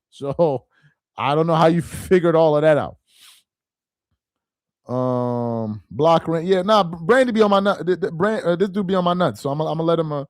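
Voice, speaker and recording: A man's voice: on the high side, darkish tone, no echo, clean studio sound. A man hosting a casual sports talk live stream, reading chat aloud in a loose, slangy, rambling way, ending lines with "man" and "bro".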